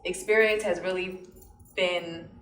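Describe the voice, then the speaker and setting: A woman's voice: on the low side, fairly even intonation, measured pace, a bit bright, roomy sound, slight background noise, poor audio. A woman hosting a casual podcast chat, earnestly explaining her ideas with everyday examples. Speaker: podcast host.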